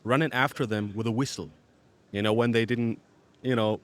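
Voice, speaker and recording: A man's voice: medium pitch, fairly even intonation, moderate pace. A man interviewing a guest, mostly giving short agreeing replies.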